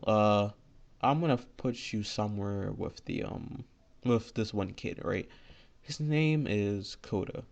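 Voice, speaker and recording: A man voicing a calm young male assassin in a soft, offhand way, in a fan story he is improvising. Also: fairly low pitch, slow pace, vocal fry. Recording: dull lo-fi recording.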